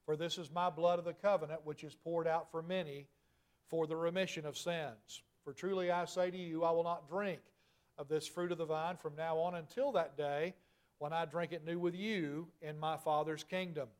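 High-voiced man preaching a sermon. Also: fairly even intonation, moderate pace. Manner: earnest, reads scripture then explains it; rises in pitch and volume at emphatic points.

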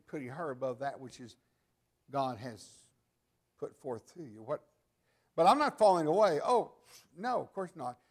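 Older male preacher, fairly high voice, animated storyteller, switches between loud emphasis and soft asides. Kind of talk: sermon.

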